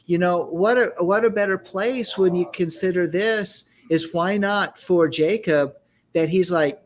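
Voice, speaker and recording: A man with a fairly high speaking voice leads a group Torah study, taking his time over each point. He explains passages patiently and carefully sounds out Hebrew letters and terms. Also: measured pace. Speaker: Bible study teacher.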